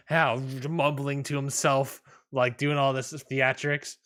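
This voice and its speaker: Male podcast co-host, bright forward tone, loose rambling recap style. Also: mid-range voice, fairly even intonation. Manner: rambling, lots of fillers and restarts, quick laughs. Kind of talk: casual wrestling podcast chat.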